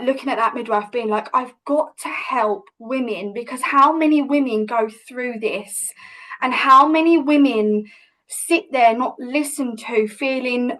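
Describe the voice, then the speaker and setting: A woman's voice: high voice, a bit bright, rough recording. A woman, a podcast guest vividly retelling a personal story with many restarts. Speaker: podcast guest, hypnobirthing teacher.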